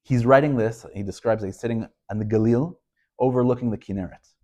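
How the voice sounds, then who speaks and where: A rabbi gives a Torah lesson in an emphatic, storytelling voice. This man keeps raising rhetorical questions and presses each point home, in a middle-pitched voice. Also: fast talker, a little mellow. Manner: storytelling delivery. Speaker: rabbi teaching.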